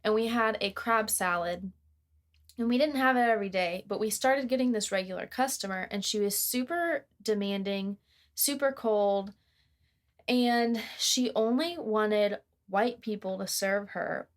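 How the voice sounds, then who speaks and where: A young woman co-hosting a casual podcast, her voice sitting at an ordinary middle pitch. She tells a work story in a chatty, exasperated way, laughing along as she goes. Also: unhurried. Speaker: podcast co-host.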